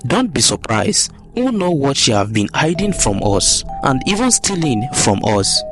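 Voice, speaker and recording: A man's voice: mid-range voice, big pitch swings, measured pace, over music. A man voicing an angry, accusing young wife in a narrated folktale. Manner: scolding, accusing.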